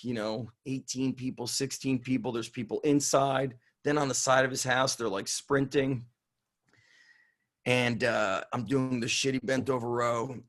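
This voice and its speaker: Animated, profane middle-aged man telling stories. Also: mid-range voice. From Israel. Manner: animated, profane, acts out quoted voices. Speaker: strength coach guest. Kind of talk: casual storytelling interview.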